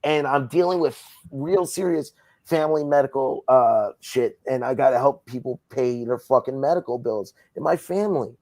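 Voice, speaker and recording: A man's voice: mid-range voice, normal speed, a little mellow. A man from Southern California rants with heat and plenty of swearing, speaking in a mid-range voice. The sound is close and dry, with no room echo at all. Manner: profane, heated ranting. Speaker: wrestling promoter. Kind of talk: casual interview.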